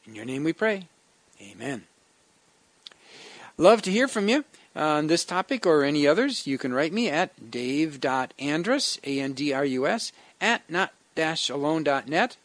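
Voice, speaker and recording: A male pastor speaks in an earnest, conversational way, restarting phrases as he goes. His voice sits a little high for a man. The recording is dry and close, with no room sound. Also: animated, normal speed, few pauses, fairly bright tone, no echo. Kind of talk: devotional sermon with prayer.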